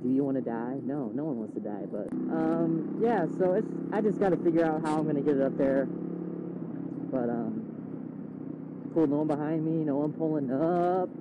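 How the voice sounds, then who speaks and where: A man's voice: on the high side, fairly quick, few pauses. Young man rambling from a motorcycle. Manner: rambling, swears freely, loud bursts when retelling. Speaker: motovlogger. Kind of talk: casual riding commentary. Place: outdoors on a motorcycle in town traffic. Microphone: helmet mic. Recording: dull helmet mic, loud road noise. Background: engine and traffic noise.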